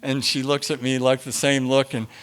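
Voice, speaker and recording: A middle-aged man telling a personal story to a group, animated, laughing often and swinging from hushed to loud. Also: medium pitch, moderate pace.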